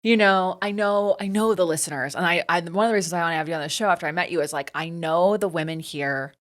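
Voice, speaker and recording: A woman's voice: lowish voice, quick pace. A woman hosting a podcast, chatting casually in a bubbly, talkative way and laughing often. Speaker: podcast host. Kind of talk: casual interview chat.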